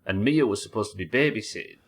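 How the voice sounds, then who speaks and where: Man, British accent, live game streamer, low voice, husky, muses aloud. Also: lively intonation, fast talker. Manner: muses aloud, reads in-game notes, chats to viewers. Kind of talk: live gameplay commentary.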